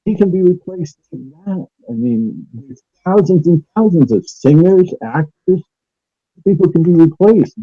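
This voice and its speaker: A man's voice: medium pitch, expressive, normal speed, dull audio. A man talking casually over a remote call, hesitant and full of fillers and restarts. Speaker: guest on a call-in talk stream. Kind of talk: casual conspiracy talk. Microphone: remote call audio.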